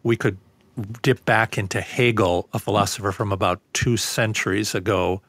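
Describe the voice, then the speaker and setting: A man speaks as a guest in an interview, talking in a measured, lecturing manner that is full of ums and uhs. His voice sits on the low side. The recording is dry, with no room sound. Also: fairly even intonation, fairly bright tone, no echo. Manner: measured, lecturing, with many fillers. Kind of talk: conversational interview.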